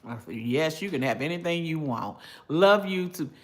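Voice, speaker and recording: Chatty and homey, an older woman running a casual cooking channel livestream addresses her viewers directly through a phone. She sounds low-pitched and animated at a moderate pace, with slight background noise.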